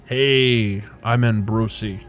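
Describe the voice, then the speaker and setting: A man's voice: on the low side, steady tone, slow pace, soft background music. A man voicing a cheerful, hungover middle-aged male street doctor in a video game, with a loose Midwestern accent and a boisterous, jokey manner. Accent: Midwestern American put on. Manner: boisterous, jokey, words piling together.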